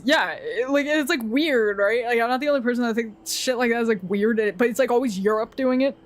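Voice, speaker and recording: A young woman streamer chatting casually, ranting in a rambling, profane way with frequent laughs. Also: on the high side.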